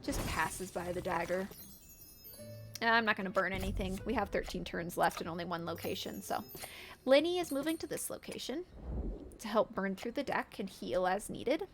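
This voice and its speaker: A woman's voice: medium pitch, expressive, normal speed, soft background music. A woman streamer giving casual, playful gameplay commentary, often giggling as she narrates her characters' antics.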